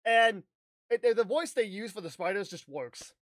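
A man telling a casual, animated story on his vlog, rambling with restarts and the odd swear word. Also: high voice, moderate pace, no room sound. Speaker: YouTuber.

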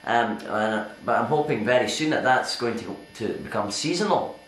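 A man's voice: mid-range voice, lively intonation, moderate pace, a bit bright, slight background noise, close to an everyday voice. A man playing a pompous, deluded comic. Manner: pompous and boastful, hesitant with fillers. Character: self-important deluded male stand-up comic. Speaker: interviewee in a sketch. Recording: echoey cave venue.

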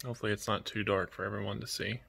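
A man talks softly to his pet birds and his viewers at home, in a relaxed and gentle way. His voice sits a little low but comes out bright and forceful. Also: racing, gravelly, a little hiss or hum. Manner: gentle, soft-spoken, cooing to birds. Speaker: vlogger, toucan keeper. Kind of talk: casual vlog talk to pets and viewers.

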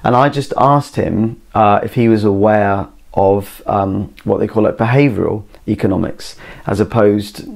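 A man rambles through a solo podcast in his garden shed. His voice sits low with a gravelly, fry-heavy edge. He keeps circling back with fillers and half-finished restarts. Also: steady tone, measured pace, a little mellow. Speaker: podcast host. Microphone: camera mic.

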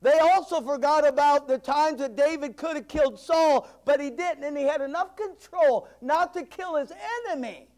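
High-voiced preacher man, emphatic. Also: moderate pace, few pauses. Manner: emphatic preaching, swings between loud declarations and hushed asides. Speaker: pastor. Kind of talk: sermon.

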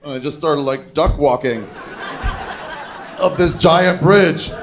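A man doing a stand-up comedy set on a club stage, telling a story with animated, shouted put-on voices. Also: a little high, takes it slowly, a little hiss or hum. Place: comedy club stage before a live audience. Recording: live club recording with crowd. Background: audience laughter.

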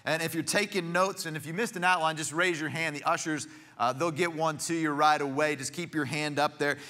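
Bright-voiced man preaching a sermon. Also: a little high, steady tone, a little fast. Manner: conversational storytelling preaching with restarts. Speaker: pastor. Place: church sanctuary.

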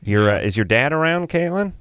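A man's voice: fairly high pitch, sing-song, fairly quick, a bit bright, clear, resonant tone, no echo. A man co-hosting a call-in advice radio show, blunt and wisecracking, cutting in over others. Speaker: radio co-host.

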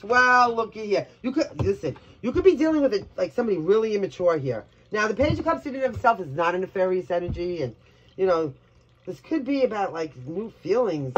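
Blunt New York tarot reader woman. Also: medium pitch. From Brooklyn, New York. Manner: blunt, crude and chatty, with laughing asides. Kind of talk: collective tarot reading to camera. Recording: dull lo-fi audio with faint hiss.

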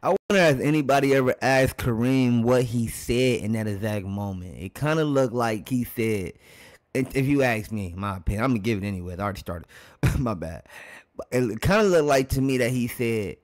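A man's voice: medium pitch, lively intonation, a little fast. A man hosting a sports reaction video, chatting casually and rambling as he talks straight to his viewers. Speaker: reaction channel host.

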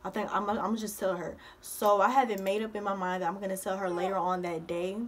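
A young woman vlogger, telling a personal story in a casual, animated way and acting out the voices of the people in it. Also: mid-range voice, fast, a little hiss or hum. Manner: animated retelling, acts out others' voices.

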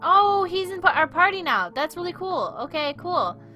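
A woman's voice: very high-pitched, very animated, moderate pace, sharp tone, soft background music. A woman streaming a game, rambling through awkward, self-deprecating commentary. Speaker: let's play streamer.

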